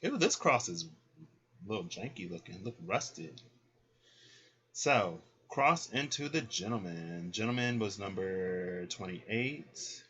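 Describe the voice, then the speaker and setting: A man's voice: lowish voice, expressive, takes it slowly, bright, forceful tone, slightly rough. Chatty man doing a card reading. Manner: chatty, thinking aloud. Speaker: card reader. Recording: dull lo-fi recording.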